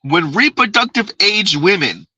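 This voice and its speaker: A man's voice: sits high, expressive, measured pace, bright, forceful tone, breathy edge, no echo, poor audio. A man hosting his own channel, giving casual, emphatic commentary on clips and viewer messages and repeating his key points.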